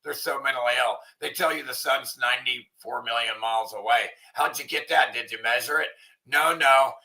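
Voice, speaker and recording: A man hosting an online commentary show, ranting in a crude, profane way and sometimes shouting. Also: medium pitch, moderate pace, low-quality recording. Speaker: channel host. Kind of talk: casual commentary rant.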